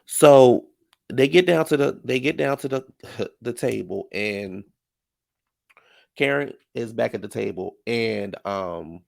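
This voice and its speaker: A man's voice: medium pitch, animated, takes it slowly, gravelly, a little mellow. A man giving casual, sassy reality-TV recap commentary, full of slang like "child" and "honey.".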